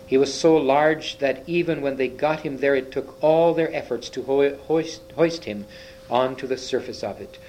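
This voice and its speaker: A man reads a children's fantasy book aloud at an unhurried, careful pace. He stumbles now and then and restarts a word. A faint hum sits under his mid-pitched voice. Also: darkish tone, rough recording. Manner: slow, halting reading with small slips and restarts. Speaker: reader.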